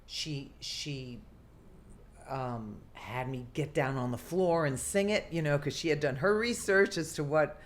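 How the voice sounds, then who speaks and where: An older woman, an actress telling a lively story from her career in an interview, often acting out what people said. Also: low-pitched, a little slow, slight background noise. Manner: animated, theatrical storyteller who acts out quotes. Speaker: guest actress.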